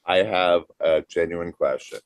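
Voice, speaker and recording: A man with an extremely deep voice, co-hosting a podcast in relaxed talk. He asks questions and weighs the answers in a measured, even-tempered way. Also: clear, resonant tone, no room sound. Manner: inquisitive, measured, plays it straight. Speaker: podcast co-host. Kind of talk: casual podcast banter.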